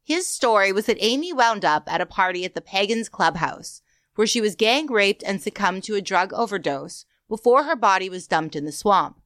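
A woman co-hosting a true crime podcast, reading prepared notes in a measured, skeptical way. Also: medium pitch, expressive, fairly bright tone, no room sound. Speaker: podcast co-host.

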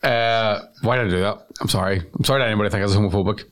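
A man's voice: lowish voice, racing. A man co-hosting a casual comedy chat, jokey and swearing freely. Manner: animated, jokey, swearing, does silly voices. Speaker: podcast co-host.

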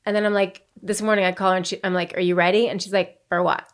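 A woman's voice: medium pitch, level tone, racing, clean tone. A woman co-hosting a podcast, telling a playful story in casual chat. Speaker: podcast co-host.

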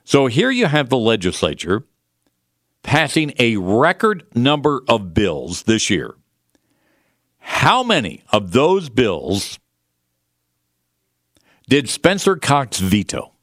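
A man's voice: mid-range voice, wildly swooping pitch, takes it slowly, pauses often, fairly bright tone, no room sound, studio quality. A man hosting a political talk radio show, delivering a combative, sarcastic monologue with mocking asides.

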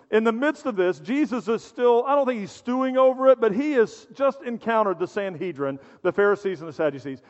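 A middle-aged male pastor preaching a sermon in a conversational, storytelling way, with humor and acted-out voices. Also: very high-pitched. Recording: dull sound in a reverberant hall.

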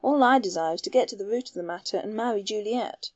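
A woman reading the part of a young gentleman under suspicion, who talks back in an impatient, defensive way. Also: mid-range voice, quick pace, dry recording, muffled recording, close to an everyday voice.

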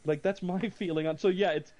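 A man, possibly middle-aged, co-hosting a casual movie chat, rambling with many restarts and breaking into animated rants. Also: sits high, a little fast. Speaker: podcast co-host.

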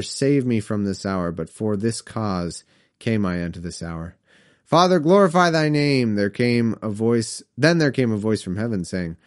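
Man reading scripture with wry jokes. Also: medium pitch. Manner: wry, joking asides between formal reading. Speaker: Bible reader and commentator. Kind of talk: scripture reading with comic asides.

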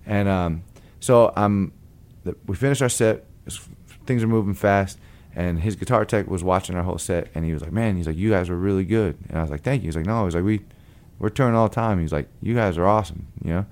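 A man from Long Beach, California, a blues guitarist, telling a story in a lively way and acting out the people in it. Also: deep voice, fairly quick, few pauses. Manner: lively, acts out the other people in his stories. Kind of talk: animated storytelling.

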